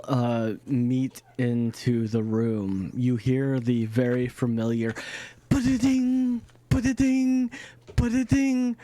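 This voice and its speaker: A man's voice: medium pitch, warm tone. A man narrating a tabletop game as game master, rambling with many fillers and restarts.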